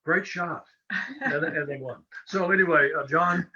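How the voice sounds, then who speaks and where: A man's voice: a little high, unhurried. A man telling a joking story during a casual virtual wine tasting. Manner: jokey storyteller. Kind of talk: casual chat. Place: virtual tasting video call. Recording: muffled with faint noise.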